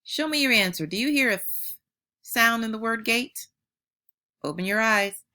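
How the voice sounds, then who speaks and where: Bright, lively woman teaching phonics. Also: a little high. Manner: slow, clearly modeled sounds with patient praise. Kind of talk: phonics lesson for young children.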